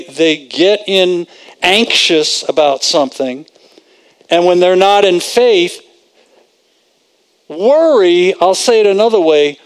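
Conversational preacher man, fairly high voice. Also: smooth. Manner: conversational, repeats phrases for emphasis. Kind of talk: sermon.

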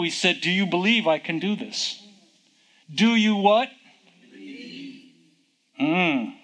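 Male preacher, sermon teaching, rhetorical questions, unhurried delivery, bright voice. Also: fairly high pitch, low-quality recording. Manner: conversational Bible teaching, rhetorical questions, reading verses aloud.

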